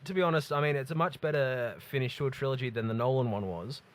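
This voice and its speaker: A man co-hosting a podcast in casual chat, easygoing and quick to laugh. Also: mid-range voice, no room sound. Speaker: podcast co-host.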